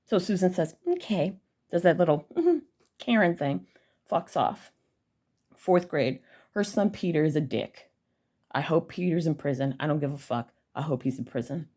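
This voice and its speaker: A woman's voice: low-pitched, animated, moderate pace, warm tone. A young woman telling an angry personal story to her viewers, blunt, heated and full of swearing. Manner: blunt, profane and heated, addressing viewers directly. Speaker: vlogger.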